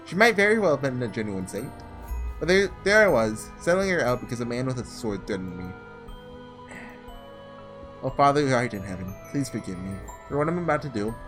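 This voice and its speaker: A man reading aloud the halting first-person narration of a guilt-ridden young man in a visual novel. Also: mid-range voice, very animated, a bit bright, faint music behind.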